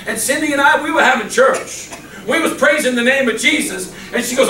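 Echoey pastor preaching, high voice. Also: male voice, fast talker, a crowd in the background. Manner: animated preaching, swinging from loud exclamations to soft, low murmurs. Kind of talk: sermon. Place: church. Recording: echoey church hall, mic at a distance, faint hum.

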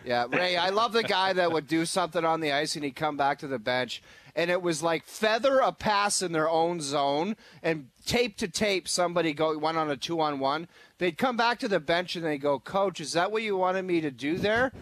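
A male sports radio co-host in studio, talking in an animated, casual way with a slightly high voice. He often slips into exaggerated impressions of people while telling stories. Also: normal speed, dry recording.

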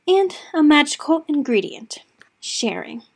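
A clever, jolly wandering cook played by a woman coaxes a whole village in a storybook tale. He speaks in a showy, sing-song chant with a fairly high, bright tone. The reading is lively and playful. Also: unhurried, vocal fry, heavily acted. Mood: cheerful. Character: clever cheerful male traveling cooks.

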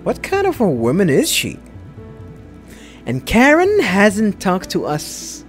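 A man talks through a video game in casual commentary, his voice set a little high for a man and swinging lively up and down. He hesitates often, stopping and restarting his sentences. Soft game music plays underneath. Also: slow. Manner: hesitant, full of fillers and restarts. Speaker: let's play host.

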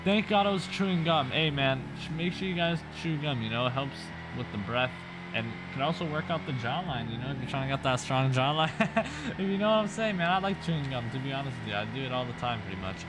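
A young man giving excitable gameplay commentary, full of exclamations and constant "bro". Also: mid-range voice, quick pace, background noise. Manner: hyped, says "bro" constantly, frequent exclamations. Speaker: gaming YouTuber. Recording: music playing underneath. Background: game sounds and music.

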